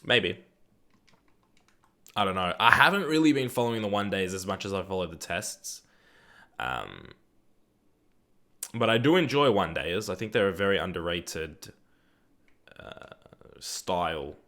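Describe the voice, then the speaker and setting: A young Australian man chatting through a live game stream in a loose, rambling way. His voice sits a little low, and he tosses in the odd swear as he answers viewers. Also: sing-song, a little slow, pauses often, pushed and bright. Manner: laid-back, rambling, swears casually; reads viewer chat aloud and answers it. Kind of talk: live gaming stream chat.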